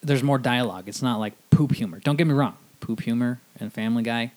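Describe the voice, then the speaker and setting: A man co-hosting a podcast in an easygoing conversational way. He jokes around and breaks into short, silly impressions. His voice sits at an ordinary middle pitch. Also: a little mellow. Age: adult with a wife. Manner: joking, does quick impressions. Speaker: podcast co-host. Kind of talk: casual chat.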